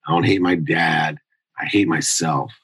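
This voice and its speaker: A man's voice: extremely low pitch, fairly even intonation, a little slow, fairly bright tone, breathy edge, no room sound, poor audio. A middle-aged man telling a candid life story in an interview, intense and confessional, acting out the people he quotes. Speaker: guest.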